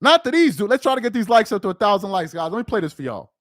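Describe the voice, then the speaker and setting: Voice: mid-range voice, lively intonation, rapid-fire, no echo, clean studio sound. A livestream host giving live reaction commentary, emphatic and repeating phrases for effect.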